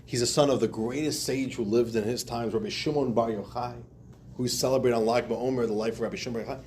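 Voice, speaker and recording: A man's voice: mid-range voice, fairly even intonation, quick pace, darkish tone, a little hiss or hum. A man teaching a class as a rabbi, speaking expressively, acting out quotes and laughing often. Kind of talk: animated lecture.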